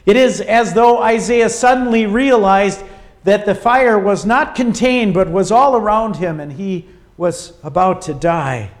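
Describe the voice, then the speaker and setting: A man preaching a sermon, emphatic and dramatic, often dropping to a quiet, low delivery for weight. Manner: slow, emphatic preaching with dramatic drops in volume.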